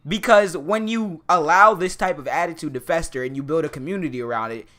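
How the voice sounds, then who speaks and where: Streamer guy, bright tense voice, rambles on, lots of likes and ums. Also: fairly high pitch, fairly quick. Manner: rambling, many fillers and restarts. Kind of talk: casual stream chat.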